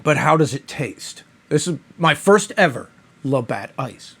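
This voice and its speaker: A man's voice: on the high side, very animated, unhurried, creaky, a bit bright, breathy edge. A man reviewing a beer in a casual, rambling monologue, mock-outraged and profane.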